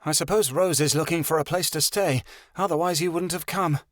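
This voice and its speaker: A man voicing a grown woman, a steady and wry friend who talks calmly and dryly. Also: on the high side, a little fast, dry recording, studio quality, voice pushed up, close to an everyday voice.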